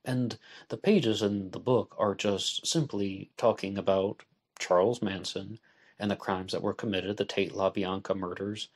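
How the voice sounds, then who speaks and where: A man hosting a solo podcast, talking in a measured, deliberate way and spelling things out letter by letter. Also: lowish voice. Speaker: podcast host. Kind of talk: solo podcast book discussion.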